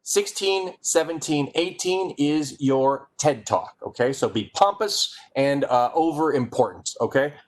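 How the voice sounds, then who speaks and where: A man giving a playful, energetic comic presentation and speaking straight to his audience. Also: fairly high pitch, unhurried, few pauses. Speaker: keynote speaker. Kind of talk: comedic presentation.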